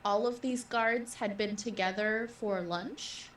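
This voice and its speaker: A woman player in a tabletop role-playing game, playful and quick to laugh. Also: medium pitch, fairly even intonation, a little hiss or hum. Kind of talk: casual tabletop play. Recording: echoey room, distant mic.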